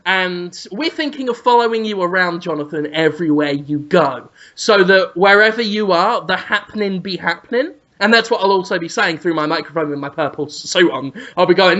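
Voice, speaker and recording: A woman co-hosting a podcast, playfully spinning an absurd scenario and acting out sounds and shouts. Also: fairly low pitch, moderate pace, hardly any pauses. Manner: teasing, spins an absurd scenario, acts out sounds. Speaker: podcast co-host. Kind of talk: playful comic storytelling. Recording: slightly muffled podcast audio.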